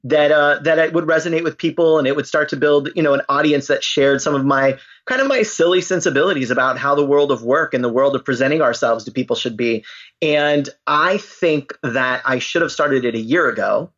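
A man's voice: a little high, brisk. Playful man with a muffled sound. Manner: playful, laughs easily, animated. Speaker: podcast guest. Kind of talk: casual interview chat.

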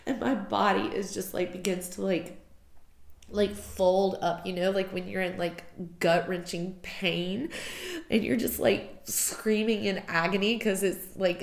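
Female podcast host, gravelly, emotional and rambling storyteller, roomy sound. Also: mid-range voice. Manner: emotional, rambling, heavy use of filler "like". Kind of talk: personal storytelling monologue.

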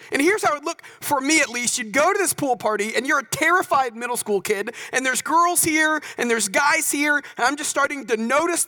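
A man from North Texas speaking to an audience, telling stories in an animated, conversational way and often checking in with "right?". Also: very high-pitched, low-quality recording. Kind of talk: storytelling talk.

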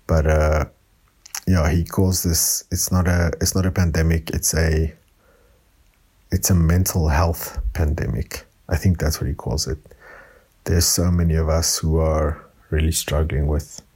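A man from South Africa recording a rambling late-night voice note for his podcast, speaking softly after drinking wine. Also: extremely low pitch, breathy edge. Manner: soft-spoken, rambling. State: tipsy from wine. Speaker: podcast host. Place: room at home.

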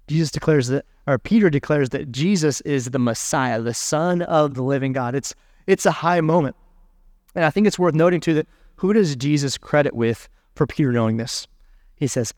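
A man's voice: medium pitch, moderate pace, darkish tone, no echo, studio quality. A man preaching a sermon, earnest and casual, often repeating words as he builds a point. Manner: casual slang mixed into preaching.

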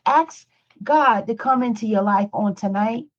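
A woman's voice: a little high, unhurried, dull audio. A woman teaching a Bible study in a pleading preaching style, repeating lines for emphasis. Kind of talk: preaching sermon.

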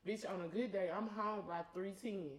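A young adult woman co-hosting a podcast, blunt, profane and excitable in casual chat. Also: medium pitch, normal speed, low-quality recording. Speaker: podcast co-host.

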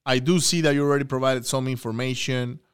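A man talks in a casual podcast chat. His voice is smooth and clear, at a middle pitch. He tells stories with animation and breaks off for quick asides. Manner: animated storyteller, quick asides and shout-outs. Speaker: podcast co-host, real estate investor.

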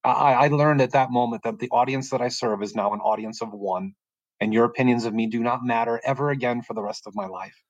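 A middle-aged man from the United States telling a personal faith testimony in a calm, soft-spoken way, often pausing and restarting as he gets emotional. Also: medium pitch, no room sound, highs cut off. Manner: halting and emotional, frequent restarts. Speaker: podcast guest sharing testimony. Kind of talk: personal testimony, casual storytelling.

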